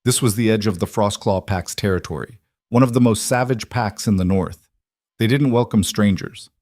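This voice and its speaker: A man narrating a fantasy audiobook in a steady, measured storytelling manner. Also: fairly low pitch, no room sound, studio quality.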